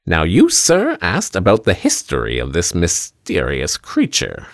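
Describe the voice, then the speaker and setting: A man's voice: sits low, wildly swooping pitch, a little slow, dry recording, studio quality, pitched above the performer's own voice, heavily acted. A man voicing a middle-aged carnival showman with grand, theatrical sales patter. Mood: showy.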